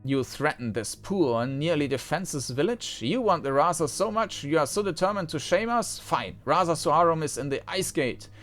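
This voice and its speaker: A stern, proud female village master from an old-school role-playing game, read aloud by a man in his own voice. She speaks solemnly and defiantly at an ordinary middle pitch. Soft music plays faintly in the background. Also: expressive, moderate pace, natural voice. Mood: indignant. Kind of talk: reading game dialogue aloud.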